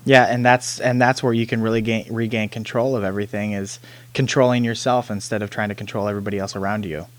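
Relaxed man hosting a podcast. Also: on the low side, quick pace, dry recording. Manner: relaxed, conversational, some restarts. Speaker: podcast host. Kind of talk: podcast interview.

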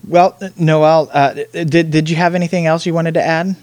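A man hosting a podcast interview, talking in a relaxed, conversational way. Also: fairly high pitch, fairly quick, no room sound. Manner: relaxed, conversational, some restarts. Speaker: podcast host.

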